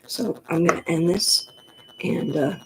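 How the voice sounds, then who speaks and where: A woman from the New York Pocono area with a gruff voice, rambling frankly in a casual monologue to the camera. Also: fairly low pitch, measured pace, noisy background. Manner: chatty, digressive, frank. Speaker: vlogger.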